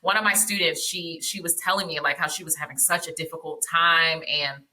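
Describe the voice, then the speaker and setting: An expressive woman speaks in a lower register, but her tone comes through bright and forceful. She chats casually on a panel and draws on her work as a therapist and educator. She tells stories with quick asides and teasing questions to the others. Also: poor audio.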